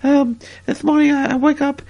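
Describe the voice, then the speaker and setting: A man's voice: very high voice, level tone, moderate pace, vocal fry, darkish tone, dull audio. A man hosting a comedic podcast, rambling and stammering through a story and repeating his words. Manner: stammering, repetitive, chuckling storyteller. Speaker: podcast host.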